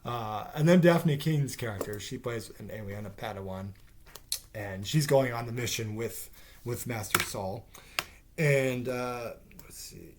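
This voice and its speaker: A man's voice: mid-range voice, measured pace, background noise. Rambling, sarcastic man reviewing a show. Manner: rambling, profane, sarcastic, with many fillers. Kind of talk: casual spoken episode review.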